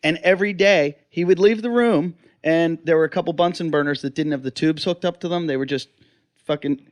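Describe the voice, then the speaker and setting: A man's voice: on the high side, brisk. A man in casual podcast chat, laid-back and profane, often chuckling through his stories. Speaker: podcast co-host.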